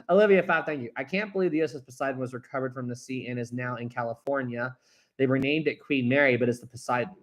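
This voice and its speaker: A man's voice: mid-range voice, quick pace. A young man hosting a casual live stream, reading viewer comments aloud and rambling chattily with frequent laughs.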